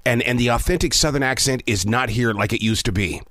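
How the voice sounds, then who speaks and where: A man's voice: mid-range voice, a little fast, fairly bright tone, dry recording. A man hosting a podcast, chatting with a guest in an enthusiastic, effusive way. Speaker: podcast host. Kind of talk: casual interview chat.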